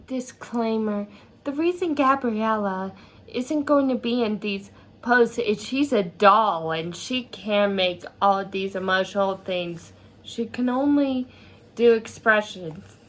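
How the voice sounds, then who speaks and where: A woman's voice: medium pitch, slow. A woman presenting a school skit in a playful, jokey, chatty way. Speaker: student presenter.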